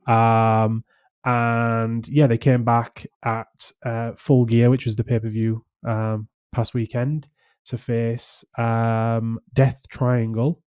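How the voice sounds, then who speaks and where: A man's voice: mid-range voice, darkish tone, clean tone. A man co-hosting a casual podcast chat, rambling with lots of fillers and restarts. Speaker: podcast co-host.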